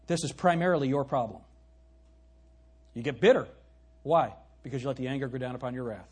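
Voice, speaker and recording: A man's voice: mid-range voice, expressive, quick pace, darkish tone, husky. A male pastor preaching an emphatic sermon, asking his congregation questions and reading scripture aloud.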